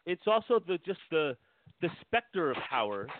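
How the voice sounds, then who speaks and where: A man's voice: on the high side, very animated, moderate pace, dry recording. A man co-hosting a podcast, talking emphatically and profanely, and poking fun at himself. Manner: emphatic, profane, self-mocking. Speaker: podcast co-host. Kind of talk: casual movie chat. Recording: tinny phone-like line.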